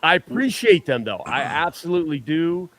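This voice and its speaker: A man's voice: on the high side, sing-song, normal speed, a bit bright, dry recording. A man chatting casually as a guest on a fan show, rambling and joking at his own expense, often restarting his sentences. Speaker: superfan guest. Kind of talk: casual chat.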